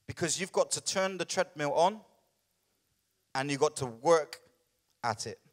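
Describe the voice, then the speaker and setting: A man preaching a sermon as lead pastor, conversational and animated, often checking in with the congregation. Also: on the high side, a little slow.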